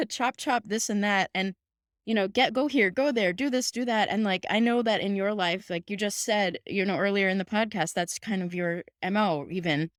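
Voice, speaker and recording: A woman's voice: medium pitch, no echo, studio quality. A woman in her thirties, a veterinarian hosting a podcast, talking casually and emphatically with frequent laughter and lots of "like". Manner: warm, emphatic, laughs often, many "like"s. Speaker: podcast host, house call vet.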